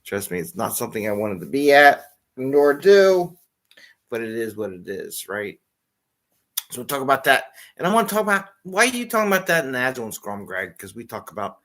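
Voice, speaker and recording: A man's voice: medium pitch, fairly bright tone. A man hosting a casual live show from home, rambling and easily sidetracked by his pets. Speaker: host.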